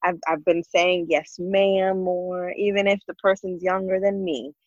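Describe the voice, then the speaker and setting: A woman from Connecticut chatting casually, telling stories in an animated way and acting out the voices of people she quotes. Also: lowish voice, moderate pace, no room sound, dull audio. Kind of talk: casual chat.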